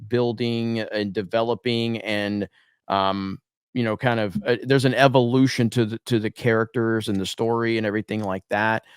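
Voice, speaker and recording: A man's voice: fairly low pitch, steady tone, normal speed, clear, resonant tone, no room sound, studio quality. A man hosting a casual podcast chat, talking in loose, rambling sentences full of "like" and "kinda".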